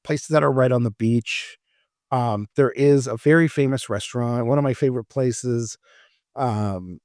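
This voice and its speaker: A man's voice: fairly high pitch, no echo, clean studio sound. A man co-hosting a casual travel podcast, rambling with many fillers and restarts. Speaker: podcast co-host.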